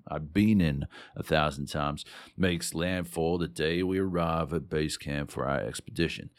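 A man putting on a deep Texan drawl. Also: no room sound, studio quality, lightly acted. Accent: put-on Texan Southern drawl. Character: wary male expedition member narrating his arrival. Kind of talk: reading fiction aloud.

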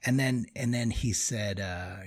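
A man in his forties, husky and a little breathy, mid-pitched, telling a story with lots of energy and frequent laughs. he speaks in a relaxed, conversational way. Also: a little slow. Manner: animated storyteller, laughs often between phrases. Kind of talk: casual conversation.

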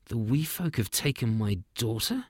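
A man voicing a stern, hot-tempered king in a storybook reading, raising his voice high and loud. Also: big pitch swings, breathy edge, dry recording, studio quality. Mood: alarmed. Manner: loud and commanding, quick to anger.

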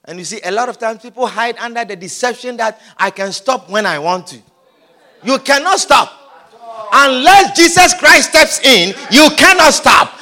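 Man, preacher, sermon, very high voice, animated, emphatic, repetitive. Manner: emphatic and repetitive, often shouting and laughing.

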